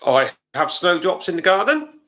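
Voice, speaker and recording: A man's voice: sits high, sing-song, normal speed, a bit bright, dull audio. A man who is a gardening regular on a chat show, talking in a dry, matter-of-fact way. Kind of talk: casual chat.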